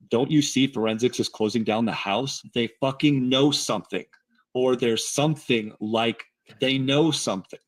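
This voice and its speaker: A man's voice: mid-range voice, no echo. A man breaking down a speaker's wording point by point while reviewing video clips on a livestream. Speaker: statement analyst.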